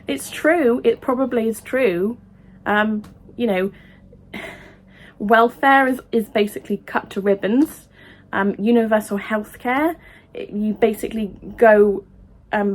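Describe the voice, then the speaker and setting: Impassioned woman vlogging, halting and emotional. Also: medium pitch. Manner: impassioned, halting, with many restarts and ums. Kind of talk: opinion vlog to camera.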